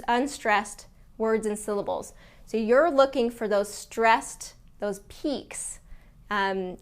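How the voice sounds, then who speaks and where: A woman teaching English to learners in a casual video lesson, explaining clearly with some fillers and restarts. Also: mid-range voice.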